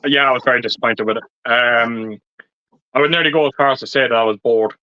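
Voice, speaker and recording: A man's voice: medium pitch, fast talker. A man on a live stream film chat, grumbling sarcastically and swearing about a movie that disappointed him. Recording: dry, muffled stream audio.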